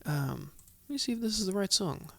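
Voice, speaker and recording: A man's voice: high voice, expressive, a little fast, creaky, bright, forceful tone, no echo. A man hosting a solo Bible study podcast, chatty and heartfelt, thinking aloud as he goes. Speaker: podcast host.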